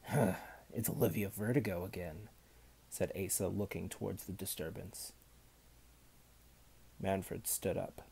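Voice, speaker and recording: A man reading a children's novel aloud in an unhurried, even storytelling manner. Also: fairly low pitch, vocal fry, slightly rough. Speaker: audiobook reader.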